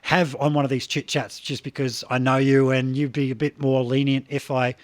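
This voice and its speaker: A man hosting a podcast in casual chat, telling stories fast with stutters and restarts. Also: mid-range voice, little pitch movement, no room sound. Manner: quick, stuttering storyteller. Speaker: podcast host.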